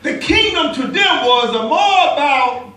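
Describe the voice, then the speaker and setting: A man a sermon as pastor, calling out to the congregation and rising into shouts. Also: extremely high pitch, expressive, takes it slowly. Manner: call-and-response preaching, rising to shouts. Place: large church sanctuary. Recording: echoey church from a distance. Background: congregation calling back.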